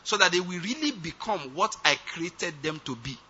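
A man's voice: high voice, expressive, normal speed, bright, forceful tone, breathy edge. A man preaching a sermon, emphatic and often checking that his listeners follow. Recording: dull lo-fi recording.

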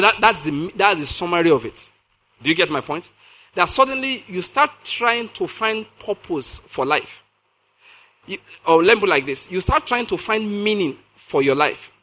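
A man preaching a sermon, reading scripture slowly and asking his listeners questions. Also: sits high, expressive, sharp tone. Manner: reads scripture slowly, then asks the congregation questions.

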